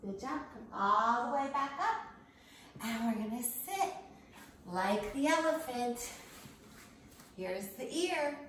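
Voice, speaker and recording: A woman teaching a children's yoga lesson, gently encouraging young kids through breathing and animal poses. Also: on the high side, expressive, a little hiss or hum. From United States. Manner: gentle, encouraging, slow and patient. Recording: very echoey room, voice from far off.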